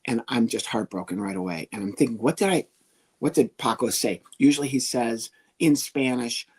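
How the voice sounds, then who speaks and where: A man with a husky, slightly breathy voice, a comedian talking as a guest on an interview show. He tells a story with lots of energy, dropping into the voices of the people in it. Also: mid-range voice, normal speed. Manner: lively, animated, acts out the people he quotes.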